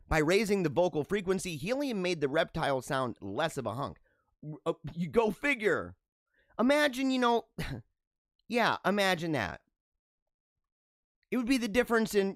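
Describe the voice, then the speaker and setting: A man with a high, very lively voice hosts a casual news-riffing show, reading headlines and then wandering into playful, laughing asides. The sound is dry and close, with no room echo. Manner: animated, laughs and riffs between read-aloud headlines. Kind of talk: casual commentary on news items.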